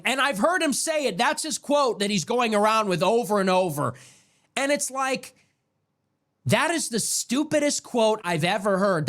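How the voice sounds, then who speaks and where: High-voiced man ranting on a talk show. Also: fairly bright tone. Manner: ranting, profane and sarcastic; pitch jumps up sharply when agitated. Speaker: political talk show host. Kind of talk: heated political commentary monologue.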